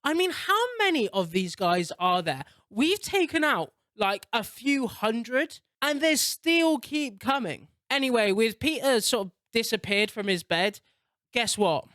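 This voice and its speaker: Excitable sweary man narrating gameplay. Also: sits high, dry recording, studio quality. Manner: excitable, sweary, laughs a lot. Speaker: gaming YouTuber.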